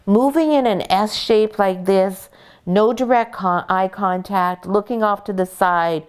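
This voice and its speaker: A woman's voice: mid-range voice, a little slow, clean tone. A woman breeder with a Canadian accent, talking through her puppies' names and care in a casual, explaining way. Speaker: dog breeder. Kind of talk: casual educational vlog.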